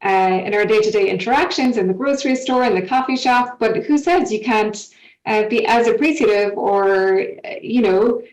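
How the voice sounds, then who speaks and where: A woman's voice: mid-range voice, moderate pace, darkish tone. A woman on a work panel, speaking in a hesitant, reflective way with many fillers. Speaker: panel guest. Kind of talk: panel discussion. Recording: roomy, distant from the mic.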